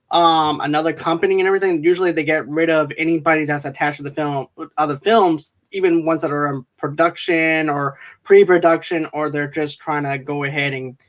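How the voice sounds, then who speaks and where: A man co-hosting a casual movie podcast, speaking earnestly and repeating phrases. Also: fairly high pitch. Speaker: podcast co-host.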